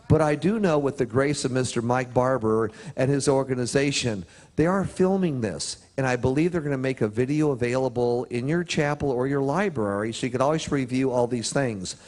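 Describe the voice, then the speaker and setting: A man tells a story to a motivational seminar held in what seems to be a prison chapel or hall. He uses lively shifts in pitch and pauses to drive his points home.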